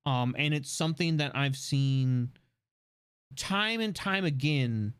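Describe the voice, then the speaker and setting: A young man hosting a casual livestream chat, joking and laughing often, with halting restarts. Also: medium pitch, a bit bright, clean tone, dry recording. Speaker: streamer host.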